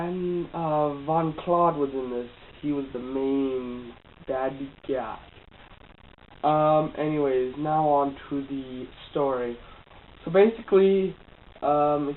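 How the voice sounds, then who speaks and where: A casual movie reviewer with a cold, rambling with lots of fillers and restarts. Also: mid-range voice. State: has a cold. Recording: tinny phone-like audio with faint hiss.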